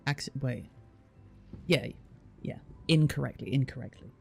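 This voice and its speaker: A man's voice: mid-range voice, moderate pace, vocal fry, faint music behind. A British man streaming, chatting casually with viewers and explaining at length, with a lot of restarts. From Britain. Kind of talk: casual chat reading viewer comments.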